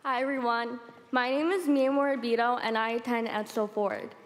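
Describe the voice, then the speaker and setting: Confident teenage girl, higher voice. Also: fairly even intonation, moderate pace, in a large hall. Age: teens. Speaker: high school student honoring a teacher. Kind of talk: prepared speech at a ceremony.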